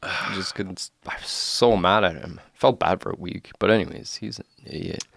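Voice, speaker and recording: A man's voice: sits low, normal speed, creaky, fairly bright tone, no echo. A man, hosting a podcast, telling a story in casual chat and swearing freely. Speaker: podcast host.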